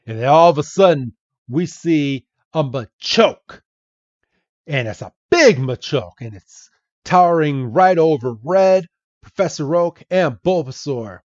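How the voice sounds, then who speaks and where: A man's voice: a little high, animated, no room sound, lo-fi sound. A man hosting a podcast, recapping a comic aloud in a chatty way and correcting himself as he goes. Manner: slow, chatty, self-correcting. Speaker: podcast host.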